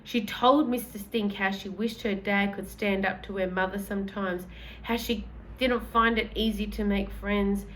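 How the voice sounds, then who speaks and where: A woman's voice: medium pitch, steady tone, moderate pace, a bit bright, slight background noise, low-quality recording. Woman reading a children's book aloud. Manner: casual, corrects own slips aloud. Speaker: reader.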